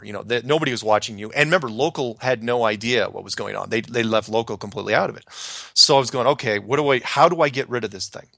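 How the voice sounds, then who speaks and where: Middle-aged male storyteller, gravelly, chatty and animated, plays every character in his tale; dry close mic. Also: on the low side, dry recording. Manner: animated, acts out quoted voices, laughs often. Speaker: storyteller guest recounting his past. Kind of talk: casual conversational storytelling.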